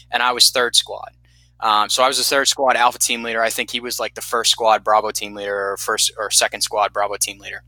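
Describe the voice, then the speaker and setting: A man in his thirties from Vermont casually telling animated, profane stories about his army days. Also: medium pitch, no echo, rough recording. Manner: profane, animated storyteller who acts out quotes. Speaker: guest telling war stories. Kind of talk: casual storytelling.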